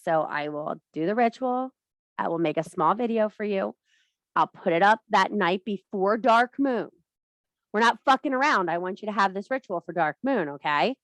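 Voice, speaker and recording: A middle-aged woman leads a women's workshop over a video call, blunt and emphatic, swearing freely as she presses her points. Her voice sits at a middling pitch. The sound is dry and close, with no room echo. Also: expressive, moderate pace, fairly bright tone. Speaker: women's circle leader. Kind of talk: casual workshop talk.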